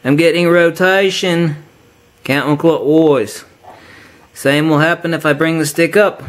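A man's voice: on the high side, steady tone, a little slow. A man giving a hands-on tabletop demonstration lesson, explaining step by step and joking with a mock Australian "mate". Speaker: science demonstrator.

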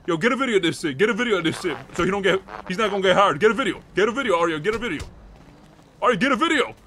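A man streaming improvised game role-play, talking in brash, mocking, rapid banter. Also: high-pitched, lively intonation, sharp tone, slight background noise. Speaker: roleplay streamer.

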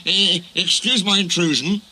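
A man's voice: sits high, unhurried, full character voice, low-quality recording. A man voicing a small, anxious, polite male tank engine with an earnest, apologetic manner. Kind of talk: storybook reading. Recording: loud music underneath.

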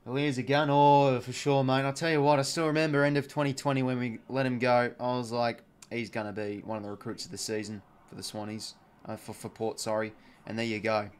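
A young Australian man calls the footy live from his desk mic, mixing quick play-by-play with laid-back chat to viewers. His voice sits at an everyday middle pitch and lifts with excitement when a goal goes through. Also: smooth. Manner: chatty, reads chat aloud, excited on goals. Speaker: live watch-along host. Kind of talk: casual play-by-play commentary and chat.

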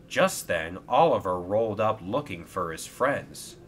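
A man narrating a toy-train storybook with slow, expressive storytelling. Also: fairly low pitch, slight background noise.

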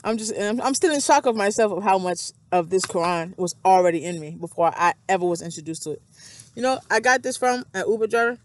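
Her medium-pitched voice is animated, and she talks fast. She's a vlogger musing aloud in a loose, self-reflective monologue that circles back on itself, with scripture read aloud between her thoughts.

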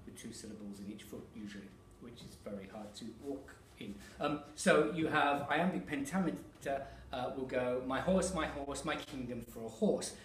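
A man explaining verse rhythm to camera with medium pitch. He pauses on fillers as he goes. He sounds set back from the mic, with a roomy echo and faint ambience. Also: distant mic, a little hiss or hum. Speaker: theatre director and actor. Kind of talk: educational talk to camera.

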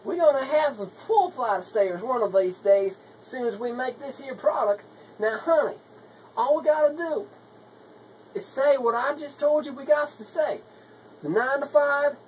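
A woman puts on a rambling country wife with a thick Southern hick drawl, high in pitch, scheming over easy money. She wanders from point to point and keeps tossing in "honey". Faint room ambience hums behind her. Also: darkish tone, slight background noise, natural voice, low-quality recording. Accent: put-on rural Southern US hick. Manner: rambling, folksy, drawling, calls everyone honey. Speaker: comedy video maker. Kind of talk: comedy sketch monologue.

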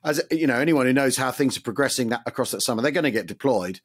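A man hosts a casual history podcast, chatty and lively. His voice sits at a middling pitch, and he laughs easily between points. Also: quick pace, breathy edge. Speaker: podcast host.

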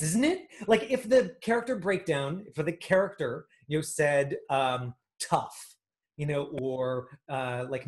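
A man coaching an acting class, talking in a rambling way with many fillers and restarts. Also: on the high side.

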